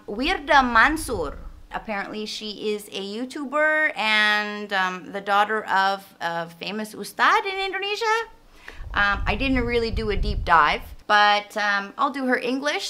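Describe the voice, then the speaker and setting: Bright-voiced chatty woman. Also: a little high, animated, a little slow. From Canada. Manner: chatty, mixes English with Indonesian words. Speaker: host. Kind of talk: casual commentary on English pronunciation.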